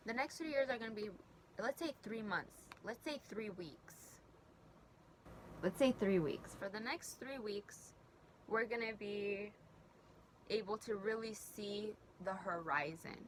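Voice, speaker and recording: A woman's voice: mid-range voice, unhurried, slight background noise. Earnest, emotional woman tarot reader. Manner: emotional, earnest, rambling with restarts. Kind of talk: tarot reading video.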